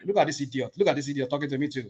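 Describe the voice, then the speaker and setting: A man's voice: mid-range voice, very fast, a loud crowd. A man, arguing indignantly in a heated political debate and repeating words to break in. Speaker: caller in a political discussion.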